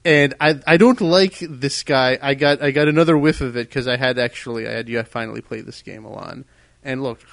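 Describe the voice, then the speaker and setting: A man's voice: medium pitch, fairly even intonation, a little fast, creaky, fairly bright tone, no echo. Ranting man on a podcast. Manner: heated, ranting, emphatic. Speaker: podcast co-host. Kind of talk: casual podcast discussion.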